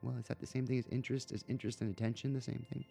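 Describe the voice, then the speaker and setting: A man's voice: medium pitch, flat delivery, very fast, creaky, dark tone, soft background music. A man hosting a podcast, chatting casually about a book and rambling through his points with lots of fillers and restarts. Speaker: podcast host.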